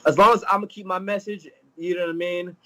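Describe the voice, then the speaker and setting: A young man from Jamaica, a fighter on a live video-call interview, telling stories in a laughing, animated way. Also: high voice, fast talker. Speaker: UFC fighter guest. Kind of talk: casual live interview chat.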